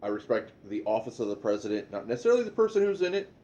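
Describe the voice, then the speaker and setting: A middle-aged man co-hosts a political talk show in a measured, steady voice. He stumbles and repeats words now and then, and a faint noise runs under the recording. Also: mid-range voice, dull audio. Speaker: co-host. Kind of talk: casual political chat.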